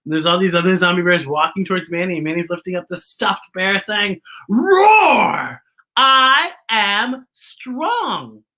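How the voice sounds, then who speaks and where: A woman's voice: on the low side, brisk, few pauses. A woman hosting a children's story time, reading a picture book aloud and talking playfully and directly to young listeners. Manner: playful, animated, talks straight to kids.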